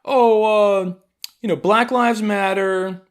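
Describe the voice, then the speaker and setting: An earnest young activist woman lectures in a high, drawn-out voice, as a man mimics her in a comedy bit. She sounds sincere and scattered. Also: fairly even intonation.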